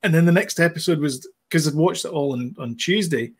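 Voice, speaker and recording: A man's voice: a little high, brisk, breathy edge. A man, co-hosting a podcast in casual chat, rambling with plenty of fillers and restarts. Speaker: podcast co-host.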